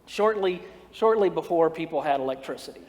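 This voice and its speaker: A man's voice: a little high, lively intonation, a little fast, darkish tone, slight background noise. A man preaching a storytelling sermon, folksy and humorous, acting out the dialogue of his story. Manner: folksy, humorous, acts out dialogue, laughs at own jokes. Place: church sanctuary. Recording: long reverb of a church sanctuary.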